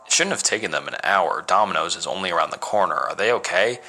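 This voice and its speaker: A man's voice: low voice, animated, quick pace, pushed and bright, full character voice. Guy doing a terrified young girlfriend, stuttering, begging, horror story voice. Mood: worried. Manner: stammering, pleading. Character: frightened young woman, narrator's girlfriend.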